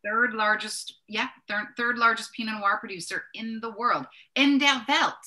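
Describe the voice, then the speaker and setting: A woman with a bright, clear voice hosts a casual wine tasting. She talks in a chatty, enthusiastic way, gushing over labels and flavours and stopping to correct herself. Her pitch sits in a middle range. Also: fairly even intonation, moderate pace.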